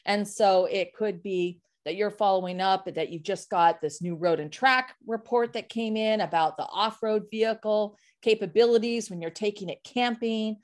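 A woman sales coach talks as a guest in a casual interview, in an animated and emphatic way. She illustrates her points with vivid everyday examples and repeats words for stress. Her voice is mid-pitched. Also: normal speed, few pauses.

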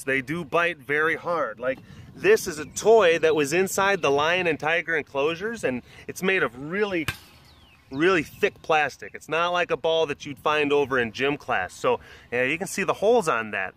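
A man's voice: on the high side, normal speed, bright, forceful tone. Man explaining big cats to preschoolers. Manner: simple, patient, addresses each child by name. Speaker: big cat sanctuary keeper answering children's questions.

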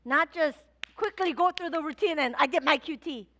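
High-voiced woman pastor preaching. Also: normal speed, a little hiss or hum. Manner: animated storytelling, acting out her own past thoughts. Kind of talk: sermon. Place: church sanctuary.

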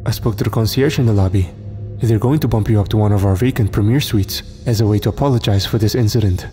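A man's voice: lowish voice, fast, dark tone, big-room sound, faint music behind, natural voice. A man voicing a polite young hotel valet. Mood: reassuring. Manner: courteous, reassuring.

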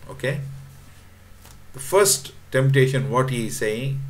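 A man preaching a sermon to his congregation, pausing often with fillers and repeats, reading and quoting scripture aloud. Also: mid-range voice, expressive, a bit bright. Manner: halting, repeats words, frequent fillers, quotes scripture; addresses congregation directly.

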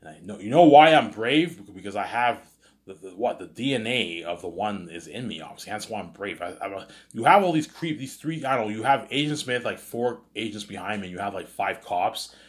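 A man's voice: fairly low pitch, expressive, a little fast, breathy edge. A man telling a rambling story, stumbling over repeated words and swearing freely. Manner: repeats words and keeps saying "you know what I'm saying". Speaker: vlogger pitching a movie idea.

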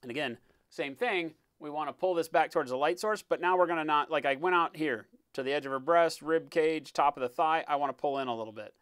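A man talking through a live-stream painting tutorial in a relaxed, explanatory way, often checking in with "right?" and sometimes muttering as he works. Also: fairly high pitch, brisk, clear, resonant tone, dry recording. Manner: muttering while working. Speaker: miniature painting instructor.

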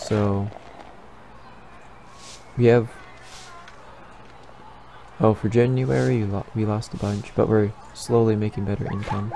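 A man's voice: on the low side, gravelly, warm tone, a little hiss or hum. A young man giving casual let's-play commentary, rambling and thinking aloud as he builds. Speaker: gaming YouTuber.

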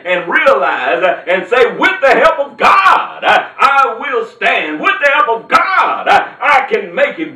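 A man preaches a Bible lesson in a very high, sharply bright voice that swings up and down a lot. He opens almost every phrase with "uh" and hammers his points home. The sound is roomy and echoey, with him standing some way off the mic. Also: recorded from a distance. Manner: starts nearly every phrase with "uh", preaching emphatically. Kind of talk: Bible teaching sermon.

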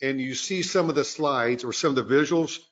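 A man's voice: medium pitch, normal speed, muffled recording. A man co-hosting a sales webinar who jumps in to give listeners an instruction. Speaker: webinar co-host. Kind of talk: webinar presentation.

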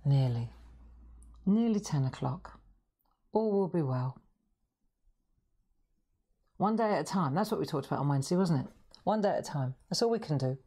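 A woman with a slightly croaky voice hosting a live craft stream, chatting and reassuring her viewers. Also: deep voice, warm tone. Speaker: craft livestream host. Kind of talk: casual live-stream chat.

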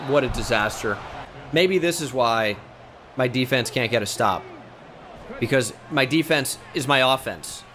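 Bright-voiced joking gamer guy. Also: medium pitch, a little hiss or hum. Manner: joking, excitable, swears freely. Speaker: gaming YouTuber. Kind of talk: casual video game commentary.

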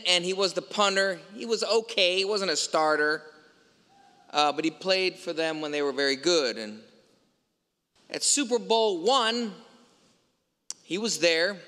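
Priest, male, storytelling homily, bright and fairly high voice, long church echo. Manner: storytelling, emphatic rhetorical questions. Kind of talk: sermon. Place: large church.

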